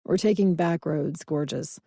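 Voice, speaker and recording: A woman's voice: deep voice, measured pace, creaky, dark tone, breathy edge, no echo, studio quality, full character voice. A woman voicing a wealthy, confident man who teases with an easy, self-assured manner, in an audiobook reading.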